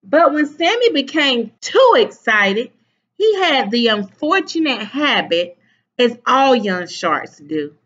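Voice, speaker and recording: A woman reads a children's picture book aloud on her webcam at home, pitched high and lively. She takes it slowly, stopping to quiz her young listeners. The sound is a bit dull. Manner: animated, stops to ask children questions. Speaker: teacher reading to children. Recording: slightly dull webcam audio.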